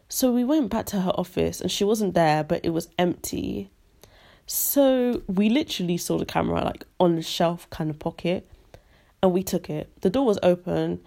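A woman's voice: lowish voice, moderate pace, creaky. A young woman telling a story in a casual podcast, ranting and acting out the people she quotes. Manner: animated, acts out quoted voices, ranty. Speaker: podcast host.

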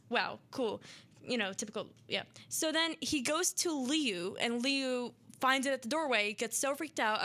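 A woman's voice: a little high, a bit bright. A woman hosting a radio show, retelling a creepy story in a casual, rambling way full of "like" and restarts, sounding nervous. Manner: nervous, rambling, heavy filler words.

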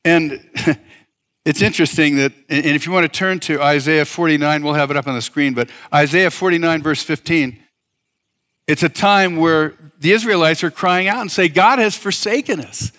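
A man's voice: fairly high pitch, moderate pace, a bit bright. A man preaching a church sermon as pastor, speaking emphatically, calling out questions for the congregation to answer, and often restarting his phrases. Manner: emphatic, with call-and-response and many restarts. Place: church service.

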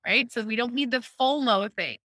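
A woman hosting a casual chat, explaining an idea in a lively way, often checking in with "right?" and acting out quoted thoughts. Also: a little high, normal speed, dry recording. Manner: lively, acts out quoted inner voices, frequent "right?". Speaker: host explaining a personal decision-making method.

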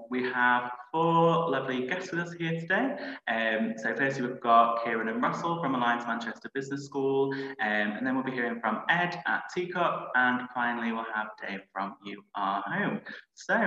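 A man's voice: medium pitch, pushed and bright. A man hosting an online panel over a video call, friendly and full of "um"s. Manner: friendly, filler-heavy, many "um"s. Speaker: webinar host. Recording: echoey room, dull lo-fi call audio with faint noise.

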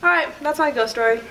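A woman chatting casually on a podcast, telling a story with lively quoted voices and frequent laughter. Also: high voice, a little hiss or hum, poor audio. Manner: animated, acts out quoted voices, laughs often.

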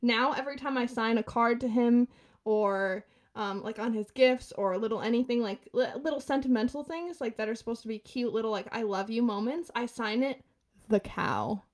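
Laughing and voicing quoted lines, a young woman in her twenties narrates a story on a casual podcast at a fast, animated clip. Her pitch is fairly high.

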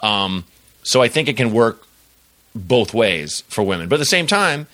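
A man's voice: medium pitch, moderate pace, no room sound. A middle-aged male comedian chatting casually as a podcast guest, telling stories and acting out the people in them. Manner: animated storyteller acting out quoted people.

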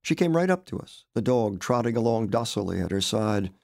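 A man narrating his own literary story aloud, expressive and wry. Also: lowish voice, a little fast, gravelly, no room sound, clean studio sound. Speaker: author reading his story.

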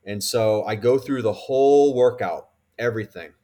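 A man in his forties from Connecticut, a podcast guest telling a story in a casual, animated and profane way. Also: mid-range voice, moderate pace. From Connecticut, USA. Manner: animated, profane, acts out quoted dialogue. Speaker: podcast guest, former pro baseball player.

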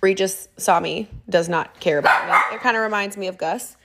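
A woman hosts a podcast from her home and tells a story in a casual, chatty way. Her delivery is animated, and she often breaks into laughter. Her pitch sits in the middle range for a woman. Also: moderate pace, heavy background noise. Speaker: podcast host.

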